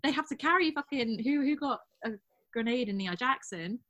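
A woman's voice: high voice, lively intonation, brisk, a bit bright, no echo, lo-fi sound. A woman in casual chat, recapping a TV episode, swearing freely and acting out quotes.

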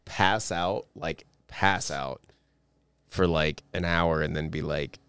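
A very deep-voiced man chimes in on a podcast with relaxed, swearing remarks. His tone is smooth and clear, and his pitch swings widely as he talks. The sound is dry and close. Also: slow pace, dry recording. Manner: laid-back, swears, short reactions. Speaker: podcast co-host. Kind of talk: casual chat reactions.

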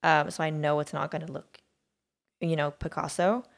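A woman's voice: deep voice, flat delivery, normal speed, creaky. A woman co-hosting a podcast, chatting casually and rambling with many fillers and restarts. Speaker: podcast co-host. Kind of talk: casual chat.

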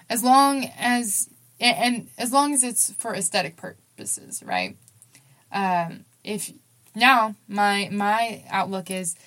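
A young woman hosting a podcast, talking frankly in a casual monologue with many fillers and restarts. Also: medium pitch. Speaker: podcast host.

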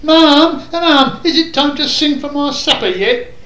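A woman's voice: high-pitched, unhurried, a bit bright. A woman playing a scatterbrained young boy, complaining plaintively. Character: scatterbrained young boy who loses his homework. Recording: echoey room with faint noise.

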